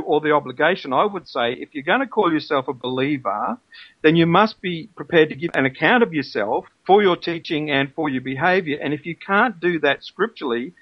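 Earnest male radio host, dull lo-fi sound. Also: fairly high pitch. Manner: earnest, measured, reasoning. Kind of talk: radio interview, reading scripture aloud.

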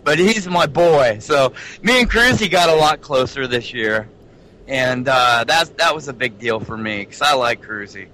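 A man guest in casual chat who has a lisp on his S and TH sounds because he speaks without teeth, excitable, calling people "baby". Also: mid-range voice, normal speed, low-quality recording. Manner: excitable, calls others "baby".

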